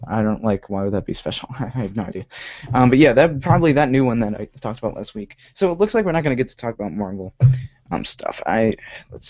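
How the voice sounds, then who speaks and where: A man's voice: on the low side, a little mellow. A young man hosting a live web show, chatting casually in a rambling way, correcting himself often. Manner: rambling, many restarts and "like" fillers, self-correcting. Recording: dull lo-fi home stream audio.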